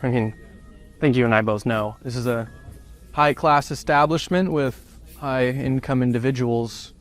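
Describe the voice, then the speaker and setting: A man's voice: medium pitch, normal speed, soft background music, lightly acted. A man playing a condescending, sarcastic restaurant host in a comedy skit. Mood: snide. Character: smug rude male restaurant host. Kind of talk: skit acting.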